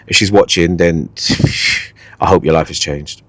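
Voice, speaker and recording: Male podcast host, lowish voice, quick playful storyteller, dry close sound. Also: dry recording. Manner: animated, playful storyteller who repeats catchphrases. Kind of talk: casual storytelling chat.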